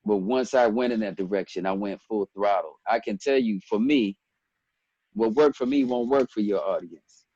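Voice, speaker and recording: A man in his forties from Ethiopia, a guest telling stories in a relaxed interview, animated and quick to quote others. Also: lowish voice, slightly rough, no room sound, highs cut off. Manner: animated storyteller, breaks into quoted voices and laughs. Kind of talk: casual storytelling interview.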